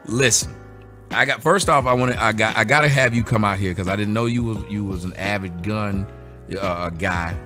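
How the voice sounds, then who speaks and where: A man hosting an interview, talking in a relaxed, easygoing way that turns animated when he jokes. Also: lowish voice, normal speed, soft background music. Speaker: host. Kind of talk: casual interview.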